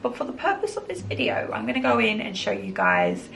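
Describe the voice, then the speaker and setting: A woman's voice: mid-range voice, wildly swooping pitch, brisk, gravelly, a bit bright, slight background noise, poor audio. A woman chatting through a makeup tutorial in her bedroom, bubbly and chatty, calling everything little. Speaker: makeup vlogger. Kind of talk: casual tutorial chat.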